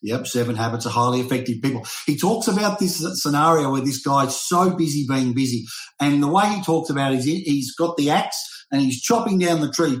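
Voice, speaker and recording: A man hosting an interview, telling stories in a lively, animated way. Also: medium pitch, a little fast, roomy sound, poor audio. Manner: animated, storytelling. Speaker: podcast host. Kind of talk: casual interview chat.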